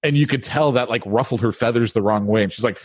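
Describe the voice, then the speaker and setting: A man's voice: mid-range voice, fast, no echo. Blunt man telling a story, dry close mic. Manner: blunt, storytelling with irritated asides. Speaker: podcast co-host. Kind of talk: casual chat.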